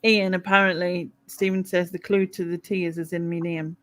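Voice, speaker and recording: Her pitch is fairly low and her delivery flat, at an ordinary pace. She's a live stream host from Sunderland with a Mackem North East England accent, chatting casually, laughing often and reading viewers' comments out loud.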